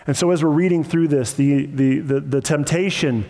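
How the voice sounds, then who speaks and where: A man's voice: fairly high pitch, steady tone, moderate pace, warm tone. Man preaching in a reverberant hall. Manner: impassioned, emphatic repetition. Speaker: pastor. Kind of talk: sermon.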